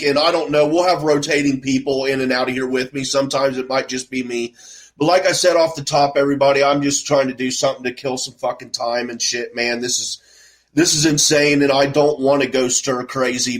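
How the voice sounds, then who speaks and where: A man hosting a podcast in relaxed casual chat, laid-back and swearing freely. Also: medium pitch. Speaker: podcast host.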